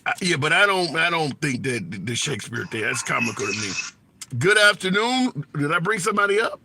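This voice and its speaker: A man's voice: on the high side, sing-song, brisk, gravelly, background noise. A man hosting a casual livestream, blunt and colloquial, reading and answering comments. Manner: blunt, colloquial, laughs at his own jokes. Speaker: livestream host taking callers. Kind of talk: casual opinionated livestream chat.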